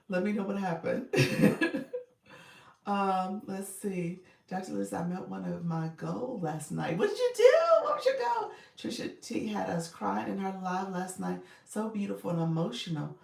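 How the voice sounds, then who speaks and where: A woman's voice: fairly low pitch, creaky, reverberant, far from the mic. A woman coaching viewers on a casual livestream, upbeat and chatty, greeting people by name.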